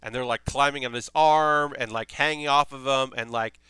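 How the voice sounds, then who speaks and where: A man chats on a live stream as he builds a model kit, rambling eagerly and cursing now and then. His voice is bright and very clear, caught dry and close on the mic. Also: mid-range voice, steady tone, normal speed, no room sound. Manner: rambling and enthusiastic, swears freely. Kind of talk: casual live-stream chat.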